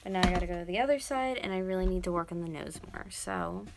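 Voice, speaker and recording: A woman's voice: on the low side, fast talker, gravelly, noisy background. A woman in her twenties chatting casually to viewers while she sculpts, rambling and dropping into whispers as she works. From North America. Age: 20s. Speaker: YouTuber.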